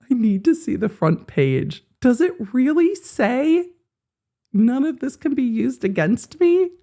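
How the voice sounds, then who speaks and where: A woman hosting a live legal commentary stream, telling a story in a casual, animated way and acting out the lines she quotes. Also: high voice, slow pace.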